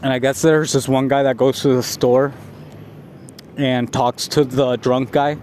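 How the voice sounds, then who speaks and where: A man's voice: mid-range voice, level tone, unhurried, a little mellow, slight background noise. A man talking casually into his phone outdoors by a store, rambling and filling his speech with "like", laughing at himself now and then. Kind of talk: casual vlog monologue. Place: outdoors near a store and on the street.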